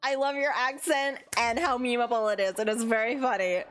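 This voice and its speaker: A young woman from Canada, chatting casually on a game stream, excitable and laughing often. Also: a little high, normal speed, soft background music. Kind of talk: casual livestream chat.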